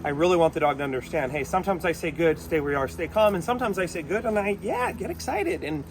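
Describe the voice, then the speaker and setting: Guy dog trainer outside, kinda high voice, chirpy praise then calm explaining, noisy background. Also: fast. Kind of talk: instructional dog training demo. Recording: outdoor mic with clear background noise.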